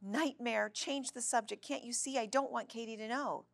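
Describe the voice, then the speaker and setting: A woman's voice: fairly low pitch, expressive, moderate pace, fairly bright tone, no echo. A woman voicing a confident, insistent young girl who helps rescue animals.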